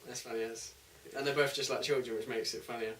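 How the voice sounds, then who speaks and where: A man's voice: mid-range voice, fairly even intonation, fast talker, a bit bright, far from the mic. An easygoing young man retells a favourite film scene in a casual chat. The room is echoey, the mic sits some way off, and a faint hiss runs underneath. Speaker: co-host.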